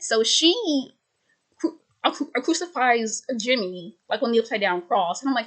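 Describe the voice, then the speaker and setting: A woman's voice: on the high side, animated, normal speed, fairly bright tone. A woman casually retelling a film plot, stuttering and repeating words with many fillers. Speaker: video host retelling a film.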